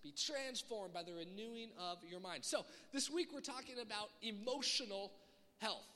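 A young man preaching a sermon to a youth group, lively and conversational, acting out the voices he quotes. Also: sits high, moderate pace. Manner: animated, acts out quoted voices. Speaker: youth pastor. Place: church hall. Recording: echoey hall.

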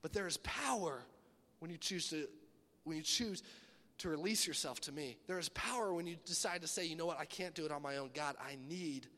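A man voicing God as a stern, patient divine presence, speaking slowly and gravely in a hushed tone. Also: fairly high pitch, big-room sound, voice pushed down. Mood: solemn, hushed.

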